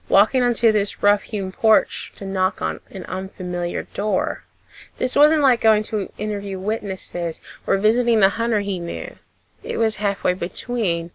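Woman narrator, mid-pitched, measured and expressive; dry booth sound, no room. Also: no room sound. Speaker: audiobook reader. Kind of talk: storytelling narration.

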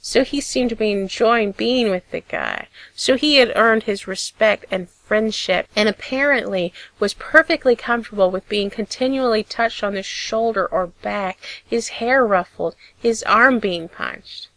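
A woman narrating a piece of fiction in a steady, measured storytelling voice. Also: medium pitch, dry recording, rough recording. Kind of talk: audiobook reading of fiction.

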